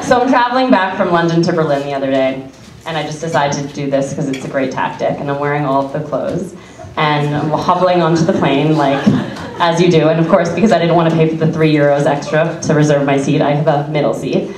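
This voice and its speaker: A woman's voice: low voice, fairly even intonation, fairly quick. A young adult woman telling a chatty stand-up story, laughing through her lines. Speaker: stand-up comedian. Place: comedy club stage with audience. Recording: echoey club from far off, crowd.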